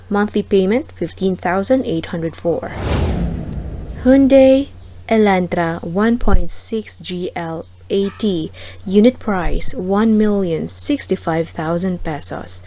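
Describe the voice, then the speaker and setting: A woman's voice: mid-range voice, dark tone, a little hiss or hum, rough recording. A woman with a Filipino accent hosting a car price channel, reading out a price list item by item. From Philippines. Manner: slow, deliberate item-by-item listing.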